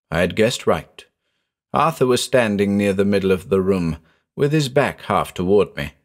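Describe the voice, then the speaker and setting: Expressive male horror story narrator. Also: fairly low pitch. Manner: measured, dramatic storytelling.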